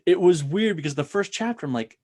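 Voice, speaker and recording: A man hosting a casual interview, easygoing and relaxed in his remarks. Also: high voice, a little fast. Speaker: podcast host.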